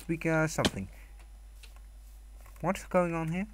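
A man's voice: mid-range voice, animated, a little slow, gravelly, long pauses, slight background noise. A young man commenting casually on a video game, reading signs aloud in mock voices and laughing often. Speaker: gamer.

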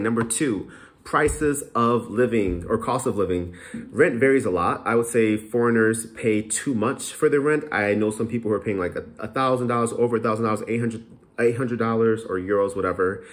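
A man talking frankly in a casual, unscripted vlog, rambling with lots of ums and uhs. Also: fairly low pitch. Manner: frank, chatty, rambling with many fillers. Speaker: vlogger.

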